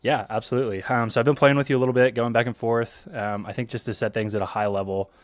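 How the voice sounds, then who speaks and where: A man's voice: mid-range voice, fast, no echo. A man from Eastern Kentucky hosting a podcast, talking casually with lots of ums. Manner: relaxed, many ums and restarts. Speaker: podcast host.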